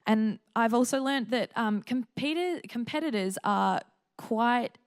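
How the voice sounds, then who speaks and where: A woman's voice: a little high, a little slow, clear, resonant tone. Chatty young Australian woman preaching. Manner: chatty, joking, laughs often, lively quoted asides. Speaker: church speaker. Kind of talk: sermon. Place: church stage.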